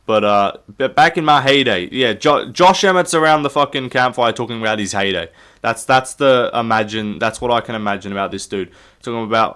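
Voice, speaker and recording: A man's voice: mid-range voice, fairly quick, fairly bright tone, smooth. A young man, rambling through jokey, sweary sports commentary and laughing at himself. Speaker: YouTube MMA commentator. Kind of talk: casual comedic commentary.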